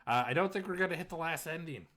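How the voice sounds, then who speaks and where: A man's voice: a little high, fast talker, a bit bright. A man streaming a game live, reacting emotionally and laughing often as he comments on the story. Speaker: let's play streamer.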